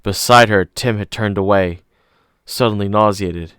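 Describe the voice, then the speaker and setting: Low-voiced male audiobook narrator. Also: clean tone, no room sound, studio quality. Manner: steady, measured reading.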